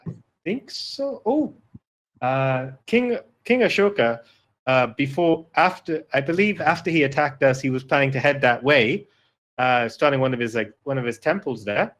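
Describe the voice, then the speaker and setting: A man voicing an ancient male spirit who hid away in hibernation, speaking haltingly. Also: mid-range voice, lively intonation, fairly bright tone, lightly acted. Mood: hesitant. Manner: hesitant, halting.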